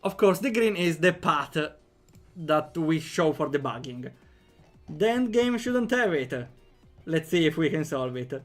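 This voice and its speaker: A man's voice: on the high side, animated, a little slow, soft background music. A young man with an Italian accent chatting playfully on a livestream while programming, laughing often and joking with chat. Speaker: game developer streamer.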